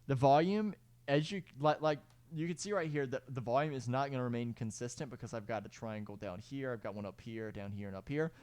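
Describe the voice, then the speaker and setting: A man's voice: medium pitch, darkish tone, clean tone. Rambling young man explaining a music project. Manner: rambling, self-correcting, fillers and sung beat sounds. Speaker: music producer giving a tutorial. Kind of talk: casual screen-recorded tutorial. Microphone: clip-on mic.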